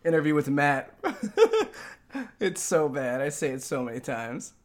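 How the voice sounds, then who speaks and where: A podcast host in casual chat, playful and often laughing. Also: male voice, a little high, measured pace.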